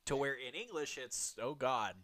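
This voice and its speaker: Bright-voiced man swearing casually. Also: mid-range voice, lively intonation, normal speed, no room sound. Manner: profane, laughs often. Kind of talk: casual chat.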